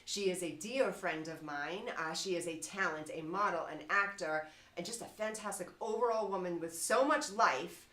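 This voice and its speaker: A woman's voice: lowish voice, normal speed, pushed and bright, reverberant. A woman from New York with a slight New York accent, hosting a casual talk show in a bubbly, chatty way. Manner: bubbly, chatty, laughs often.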